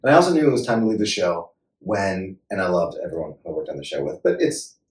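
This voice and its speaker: A man from Illinois, an actor and podcast guest, telling lively anecdotes in a casual interview and laughing as he talks. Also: sits low, fast. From Joliet, Illinois, USA. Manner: lively anecdotal storyteller, laughs while talking. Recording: echoey room, mic at a distance, faint noise.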